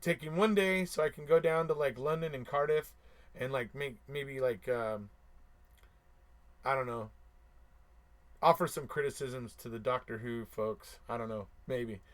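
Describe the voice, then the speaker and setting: A man's voice: mid-range voice, measured pace, long pauses. A man hosting a casual live stream, reading viewer comments aloud and answering them, who repeats himself for emphasis and chuckles between remarks.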